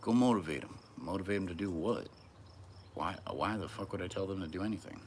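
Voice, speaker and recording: A man in his thirties with a deep, low voice drifts through a loose, profane monologue. The stream sounds like it is recorded outdoors, with crickets and passing traffic clearly audible behind him. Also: fairly quick, darkish tone. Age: 30s. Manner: musing, profane, wandering monologue. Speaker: live streamer. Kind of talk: rambling solo live stream. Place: outdoors on a hot day.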